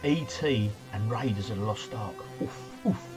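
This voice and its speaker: A man's voice: on the low side, normal speed, over music. A man hosting a trivia quiz, reading out questions and answers and adding chatty, joking asides. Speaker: quiz host.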